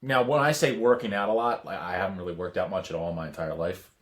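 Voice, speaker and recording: Male podcast co-host, very low voice, loose self-deprecating storyteller. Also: steady tone, fast, fairly bright tone. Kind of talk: casual chat.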